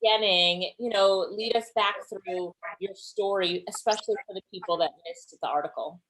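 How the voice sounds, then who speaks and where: A woman's voice: medium pitch, moderate pace, fairly bright tone, rough recording. A woman hosting an interview, asking questions in an upbeat, encouraging way. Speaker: interviewer and company head. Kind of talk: friendly interview.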